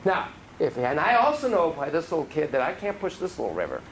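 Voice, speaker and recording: Animated man lecturing on therapy. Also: on the high side, fast, a little hiss or hum, low-quality recording. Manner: animated, acts out dialogue in different voices. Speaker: child psychotherapist lecturing. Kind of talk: lecture to a class.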